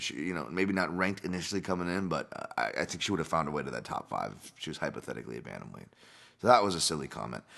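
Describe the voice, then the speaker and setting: A man with a deep, low voice hosts a solo podcast and talks loosely through recent fight results. He rambles, goes off on tangents and swears without a second thought. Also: a bit bright. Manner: rambling, casual, swears freely. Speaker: podcast host.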